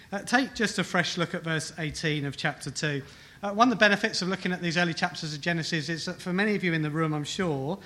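A man preaching a sermon with a bright, forceful voice set a little high. He leans on key phrases and repeats them. He often asks the room rhetorical questions. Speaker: pastor. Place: church hall with congregation.

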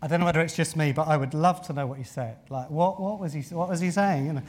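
A man's voice: on the high side, fast. A man preaching a sermon in an earnest way, often repeating phrases and using filler words. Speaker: pastor.

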